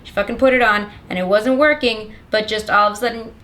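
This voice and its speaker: A woman's voice: medium pitch, steady tone, fairly quick, pushed and bright. A young woman giving a rambling, sarcastic and profane comedic plot summary of a film. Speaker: comedic movie recapper.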